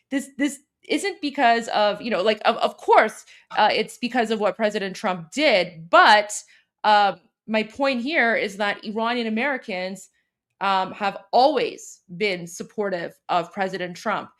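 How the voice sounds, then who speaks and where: A woman's voice: on the high side, fairly bright tone. A woman from Canada hosting a political commentary show, explaining and translating a video clip in a chatty way with many fillers and restarts.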